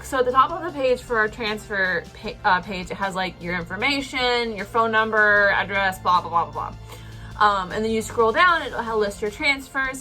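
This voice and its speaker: A woman's voice: fairly high pitch, bright, forceful tone. A young woman telling an emotional personal story to camera, rambling with lots of fillers. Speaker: vlogger.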